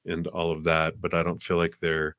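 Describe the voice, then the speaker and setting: A man's voice: low-pitched, monotone, moderate pace, a bit bright, no room sound, clean studio sound. A man hosting a live tarot card reading, chatting in an easygoing way, laughing often and relaying what spirits say in his own voice. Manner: rambling with fillers, paraphrases spirits in his own voice. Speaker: tarot card reader, host of a live stream.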